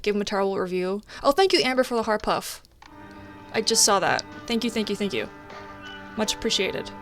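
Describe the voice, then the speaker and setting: A young woman streamer chatting casually while gaming, telling a story in an animated way and swearing often. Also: medium pitch, a little fast, music in the background.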